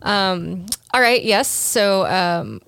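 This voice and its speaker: A woman's voice: mid-range voice, drawn-out words, vocal fry, fairly bright tone, dry recording, clean studio sound. A woman co-hosting a podcast in casual chat, wry and bantering. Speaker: podcast co-host.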